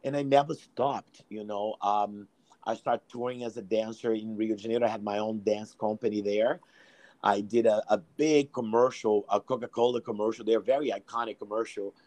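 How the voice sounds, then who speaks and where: A man from Brazil, a performer, chatting as a guest in a casual interview and telling his story with lively restarts. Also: on the low side, normal speed, no echo.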